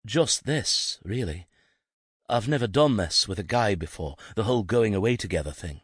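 A man's voice: fairly low pitch, lively intonation, normal speed, breathy edge, dry recording, clean studio sound, pitched above the performer's own voice. A man voicing a shy, nervous young man who speaks hesitantly and in a hurry.

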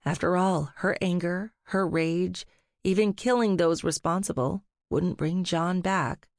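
A woman reads a fantasy audiobook aloud, measured and somber. Her voice sits fairly low, and the recording is dry and close with no room sound. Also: steady tone, darkish tone, no echo. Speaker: audiobook narrator. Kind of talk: scripted narration.

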